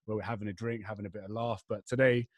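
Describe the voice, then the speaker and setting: A man's voice: lowish voice, fairly even intonation, quick pace, no room sound. A young English man hosting a podcast, chatting casually in a rambling, slangy way with his friend. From England. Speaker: podcast host. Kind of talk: casual chat.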